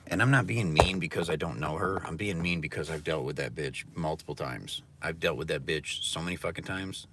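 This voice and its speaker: A man's voice: a bass voice, fairly bright tone, slight background noise. A man livestreaming a casual, profane rant, talking bluntly and mockingly. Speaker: live streamer. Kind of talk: casual ranting monologue. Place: indoors near a mirror.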